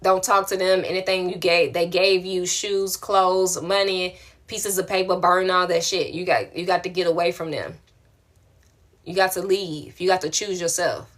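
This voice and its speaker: During a live stream, a spiritual coach reads out viewers' questions about faith and answers them. Her voice sits on the low side, steady in tone and moderate in pace. She responds in an affectionate, colloquial, encouraging way.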